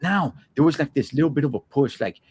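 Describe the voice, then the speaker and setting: Animated husky-voiced man. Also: mid-range voice, quick pace. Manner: animated, repeats words when worked up. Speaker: podcast host. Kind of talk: casual opinion chat.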